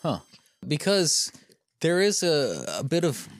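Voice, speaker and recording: A man's voice: a little high, very animated, slow pace, faint music behind. A man co-hosting a podcast who rambles and searches for words in casual banter. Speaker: podcast co-host.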